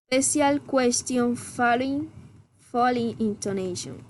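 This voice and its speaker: A woman reading pronunciation practice sentences aloud, slowly and deliberately, as a student. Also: on the high side, a little hiss or hum. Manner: slow, careful, deliberate reading.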